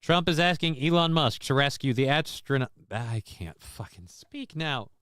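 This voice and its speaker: A man's voice: medium pitch, lively intonation, normal speed, fairly bright tone, clean tone, dry recording, studio quality. A man hosting a casual livestream, rambling, cursing and making sarcastic asides while reading chat messages. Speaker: livestream host.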